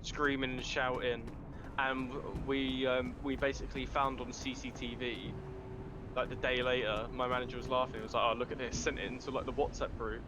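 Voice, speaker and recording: A man's voice: mid-range voice, flat delivery, normal speed, noisy background. A young man chatting casually while playing a game online, telling rambling stories with plenty of swearing. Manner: rambling storyteller, loose and swearing. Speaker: fellow player. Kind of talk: casual chat while gaming.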